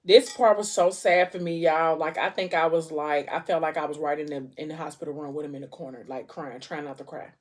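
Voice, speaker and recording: A woman, telling a book's plot in a chatty, expressive way and acting out the dialogue. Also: low-pitched, brisk, few pauses. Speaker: vlogger. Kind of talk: casual storytelling while eating.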